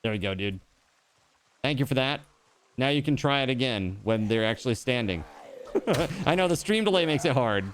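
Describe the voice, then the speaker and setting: A male streamer talks his way through a live game session in a loose, chatty manner. His pitch swings widely, leaping high when something goes wrong. Faint noise hums under his voice. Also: normal speed, pauses often. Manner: chatty, jumps into excited high outbursts. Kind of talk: live gameplay commentary.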